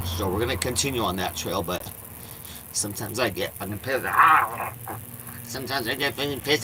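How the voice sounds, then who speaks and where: There's background noise behind this man's mid-range voice as he records a rambling vlog in his RV. Blunt and profane, he curses a lot and coos at his cats in baby talk.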